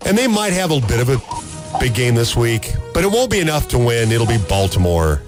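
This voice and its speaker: A man's voice: medium pitch, sing-song, moderate pace, over music. A man co-hosting a casual sports radio show, confidently making picks with stats and jokes. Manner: confident, stat-heavy, jokey.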